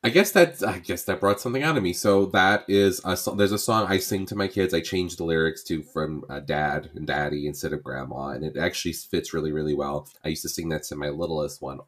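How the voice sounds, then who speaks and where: A man's voice: extremely low pitch, a little fast, few pauses. A man in casual chat, telling a long-winded, emotional story about a film.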